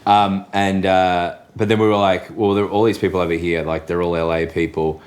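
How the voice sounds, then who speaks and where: An Australian comedian telling a story in casual chat, rambling and swearing freely. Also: male voice, sits low, flat delivery, fairly quick.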